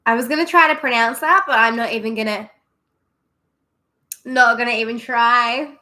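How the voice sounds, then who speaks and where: A woman's voice: a little high, steady tone, moderate pace, bright, forceful tone. A young Australian woman chatting casually with viewers on a livestream, giggly and self-deprecating. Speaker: streamer.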